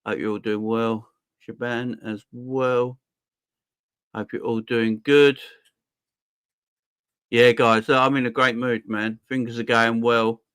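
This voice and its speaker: A young man hosting a football fan livestream, casually and cheerfully shouting out viewers in the chat. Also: mid-range voice, little pitch movement, slow, long pauses, clear, resonant tone, no echo. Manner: upbeat, shouting out viewers by name. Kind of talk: casual live-stream chat.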